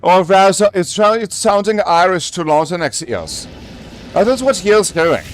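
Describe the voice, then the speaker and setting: A man's voice: sits high, sing-song, normal speed. A man from Canada chatting in a rambling, joking way while streaming a game. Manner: rambling, joking, restarts often. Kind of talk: livestream chat while gaming.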